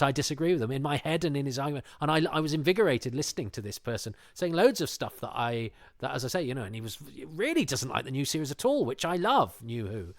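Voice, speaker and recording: A man's voice: medium pitch, dry recording, studio quality. A man chatting casually as a podcast guest, rambling and restarting his sentences often. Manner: rambling, self-interrupting, frequent restarts. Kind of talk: casual chat.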